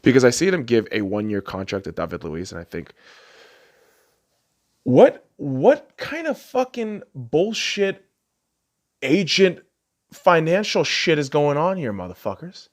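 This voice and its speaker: Loud, lively ranting man. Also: measured pace, long pauses. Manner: swings from loud shouting to low mutters, heavy swearing. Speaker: podcast host. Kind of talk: profane sports rant.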